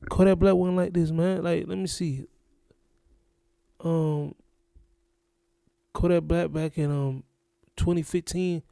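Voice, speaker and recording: Mellow-voiced man ranting casually. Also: on the high side, level tone, slow pace, creaky, pauses often, clean tone, dry recording, clean studio sound. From Florida. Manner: rambling, repetitive, exasperated. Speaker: reaction channel host. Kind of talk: casual reaction commentary.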